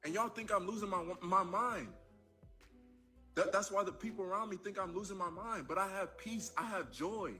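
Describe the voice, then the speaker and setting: A man preaching fervently in a played clip, his high, bright voice tripping over repeated words. Faint music runs under him. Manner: fervent, halting repetitions. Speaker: athlete speaking in a clip. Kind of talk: impassioned preaching.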